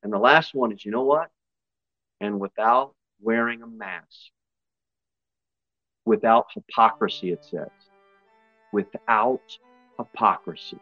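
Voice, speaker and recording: A male pastor preaching a sermon, his voice jumping high and loud for emphasis before dropping back low. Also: takes it slowly, pauses often, no room sound, dull audio, faint music behind. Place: church.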